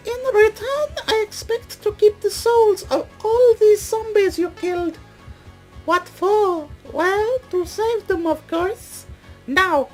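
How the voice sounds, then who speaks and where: A gamer voicing a high-pitched male fairy with a mock Russian accent, grand and theatrical. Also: poor audio.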